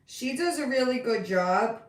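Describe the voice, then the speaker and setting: A middle-aged woman talks her way through a relaxed home live stream, unhurried and meandering. Her voice sits back from the microphone, and the room around her rings with echo. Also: fairly high pitch, far from the mic. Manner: chatty, rambling, talks to her cats in baby voice. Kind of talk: casual live-stream chat. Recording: roomy sound, voice off from the mic.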